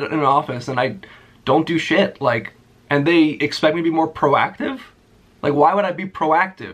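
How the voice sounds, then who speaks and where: A man's voice: fairly high pitch, fairly bright tone. Profane, sarcastic young man ranting. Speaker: vlogger. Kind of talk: casual storytime rant.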